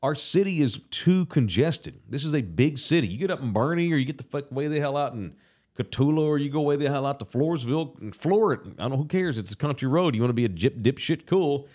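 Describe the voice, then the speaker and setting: Guy hosting a talk show, cussing and ranting, really animated, normal pitch. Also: fast talker. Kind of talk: casual studio talk show.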